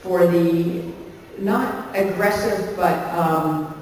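A woman's voice: on the low side, very slow, darkish tone. A woman in her sixties from Canada, a guest on a convention panel stage, answering audience questions in a candid, chatty way and laughing often as she talks. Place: large convention hall stage. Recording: echoey hall recorded from far off, faint hiss.

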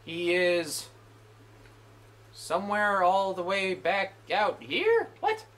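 A man's voice: high voice, wildly swooping pitch, takes it slowly, fairly bright tone. A young man giving let's play commentary, swearing in exasperated outbursts. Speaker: gamer.

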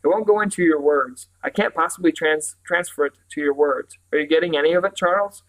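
A motherly celestial being who shifts her shape speaks to the children in a gentle, reassuring way, as a man reads her lines. The voice sits a little high and stays soft, in a plain storybook reading. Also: a little fast, close to an everyday voice, poor audio.

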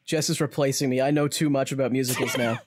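A man's voice: medium pitch, steady tone, quick pace, background noise. A man co-hosting a casual musical theatre podcast, joking and teasing his co-hosts. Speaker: podcast co-host. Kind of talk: casual chat about musicals.

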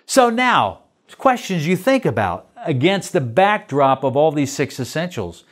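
A man's voice: fairly high pitch, sing-song, a little slow. An older man, a pastor, teaching a church lesson in an earnest way, asking many questions.

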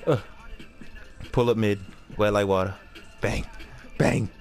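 A man giving casual, excitable commentary while playing a basketball video game, swearing and trash-talking. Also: fairly low pitch, slow, soft background music. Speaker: gameplay commentator.

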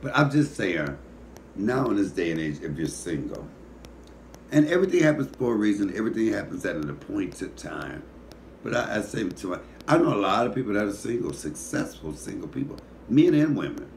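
A man comedian talking in a casual comedic monologue, animated and profane, teasing his listeners. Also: lowish voice, fairly quick, creaky, slight background noise.

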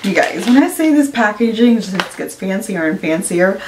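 A woman beauty vlogger chatting casually through an unboxing, gushing and excitable, with lots of "like" and "you guys". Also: mid-range voice, normal speed, far from the mic, slight background noise. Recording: echoey room, voice a bit off-mic.

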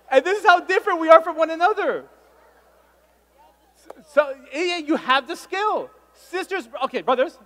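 A man's voice: very high voice, a bit bright. A man performing stand-up comedy before a conference audience, playful and teasing as he acts out the crowd's reactions. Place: large conference hall with a live audience. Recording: long reverb of a big hall.

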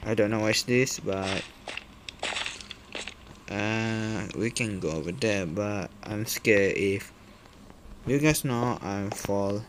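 Slow-talking man with broken English. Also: lowish voice, noisy background. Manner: broken, hesitant non-native English with fillers; talks to game characters, swears when frustrated. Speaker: gameplay commentator. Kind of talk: casual gameplay commentary.

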